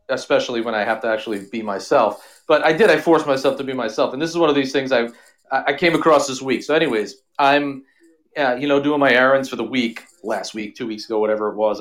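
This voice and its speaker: A man in his forties, a podcast guest, telling a profane story in casual chat and acting out the other people's voices. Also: medium pitch. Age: 40s.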